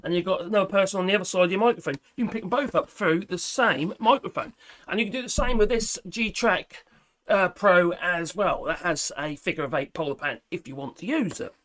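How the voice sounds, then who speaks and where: A man's voice: high-pitched, a little fast, fairly bright tone. A man, reviewing a product as he unboxes it, chatty and self-mocking, talking to himself while he fiddles with things.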